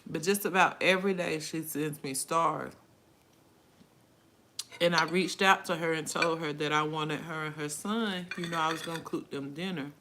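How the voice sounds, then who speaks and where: A woman's voice: low-pitched, normal speed, a bit bright, slight background noise. A middle-aged woman hosting a casual live stream from her phone, reading viewers' comments aloud and answering them in an emotional, outspoken way.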